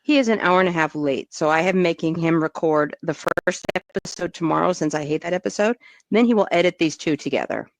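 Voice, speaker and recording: A woman hosting a podcast in casual chat, deadpan and teasing. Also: on the low side, brisk, no room sound.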